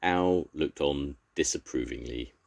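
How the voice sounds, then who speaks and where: A man's voice: extremely low pitch, a little slow, gravelly. An older man, a grandfather, expressively reading a children's story aloud.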